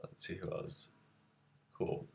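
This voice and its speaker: A man hosting a casual live-streamed drawing lesson, easygoing and chatty with lots of ums as he greets viewers. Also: takes it slowly. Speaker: drawing teacher and show host.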